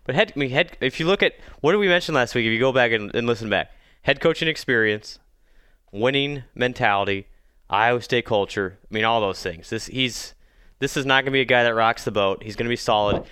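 A man's voice: medium pitch, fairly quick, bright, forceful tone, clear, resonant tone, dry recording, clean studio sound. A man co-hosting a casual sports podcast, congested from a cold, who often repeats words as he starts a thought. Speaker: podcast co-host.

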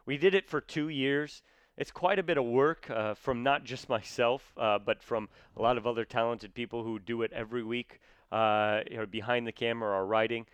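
A man's voice: medium pitch, fairly even intonation, moderate pace, clear, resonant tone, dry recording. A man chatting casually about sports as a guest, talking with many fillers and restarts. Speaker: comedy sketch performer, guest.

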